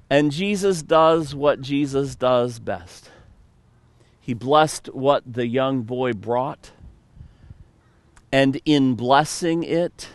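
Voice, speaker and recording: A man's voice: medium pitch, no echo. A male pastor preaching a sermon, reading scripture and then retelling it with playful storytelling asides.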